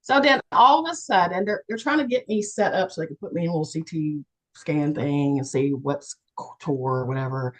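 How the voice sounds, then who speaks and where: A woman from West Virginia candidly telling her personal story on a video call, animated and acting out the voices of the people in it. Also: deep voice, moderate pace, low-quality recording. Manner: animated, acts out quoted people with big jumps in voice. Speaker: panelist and co-author sharing a near-death experience.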